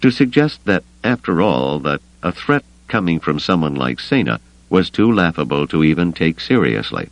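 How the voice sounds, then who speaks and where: A man narrating a novel as an audiobook, with expressive storytelling. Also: a bass voice, moderate pace, vocal fry, few pauses, dry recording, poor audio. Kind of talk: scripted narration.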